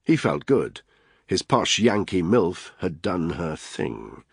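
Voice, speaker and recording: Low, husky male audiobook narrator. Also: sing-song, slow, no echo, clean studio sound. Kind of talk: scripted thriller narration.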